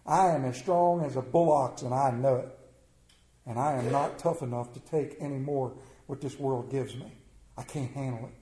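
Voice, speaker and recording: A man's voice: mid-range voice, moderate pace, dark tone. A middle-aged man preaching a sermon in a folksy, plainspoken way, putting questions to his congregation. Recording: echoey room.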